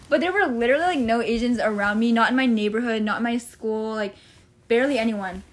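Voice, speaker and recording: A woman's voice: on the high side, moderate pace. A young woman in casual chat as co-host, rambling, giggling often and losing her train of thought.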